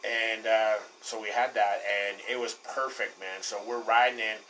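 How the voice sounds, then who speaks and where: A man's voice: fairly low pitch, level tone, moderate pace. Podcast co-host, man from Colorado, rambling casual storyteller, swears easily, a little off-mic. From Colorado, USA. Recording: distant mic, faint background noise.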